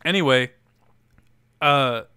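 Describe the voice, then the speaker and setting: Young guy from louisiana rambling thru a story, smooth voice, dry close mic. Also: medium pitch, takes it slowly, bright, forceful tone, no echo. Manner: rambling, profane, laid-back storyteller with many fillers. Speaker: podcast host. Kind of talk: casual storytelling chat.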